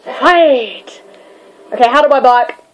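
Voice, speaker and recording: High-voiced woman gamer, excitable and goofy, swooping pitch, unhurried between yelps. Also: rough recording. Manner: excitable, yelps and cries out during fights; goofy, self-mocking. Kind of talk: let's play commentary.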